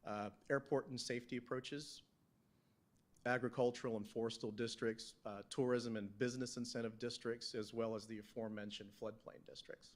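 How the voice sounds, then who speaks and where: A man on the town staff presenting slides at a council work session, halting, with many fillers and restarts. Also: mid-range voice, steady tone. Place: council meeting room.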